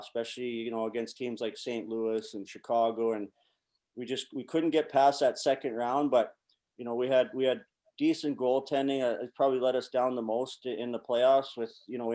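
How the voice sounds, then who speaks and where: A man's voice: mid-range voice, mellow. A man in his forties, a former pro hockey player, telling rambling, profane anecdotes as a podcast guest. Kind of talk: casual storytelling.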